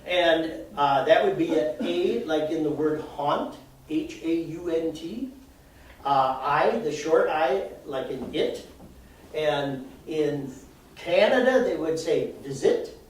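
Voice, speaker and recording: A man's voice: a little high, lively intonation, slow. A man from Minnesota giving a chatty live talk to an audience, explaining with examples and laughing at himself. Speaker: presenter. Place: arts center event room, indoors. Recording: echoey hall, voice from far off, faint noise.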